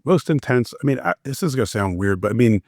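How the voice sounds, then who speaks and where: A man, a former warrant investigator, telling stories in a relaxed, anecdotal way in an interview. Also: mid-range voice, quick pace, no echo, clean studio sound. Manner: relaxed, anecdotal, lots of fillers. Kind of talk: casual interview storytelling.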